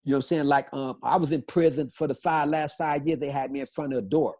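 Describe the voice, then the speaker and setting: A middle-aged man speaks as an interview guest, pressing his points with insistent repetition. His voice is husky and slightly breathy, sitting in an ordinary mid range. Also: medium pitch, fairly even intonation, quick pace, a little mellow. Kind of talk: impassioned interview storytelling.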